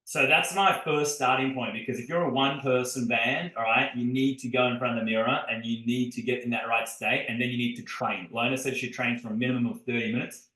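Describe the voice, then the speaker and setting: Podcast host, male, bright forceful tone, energetic storyteller, echoey room. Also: mid-range voice, brisk, hardly any pauses. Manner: energetic storytelling, addresses listeners directly. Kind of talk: casual podcast chat. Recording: roomy echo.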